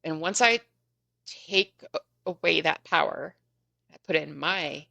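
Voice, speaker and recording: Woman guest on a podcast, kinda low voice, lively chatty storytelling, dry close sound. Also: a little slow, gravelly, dry recording, highs cut off. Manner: animated, chatty retelling with frequent laughs. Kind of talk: casual storytelling.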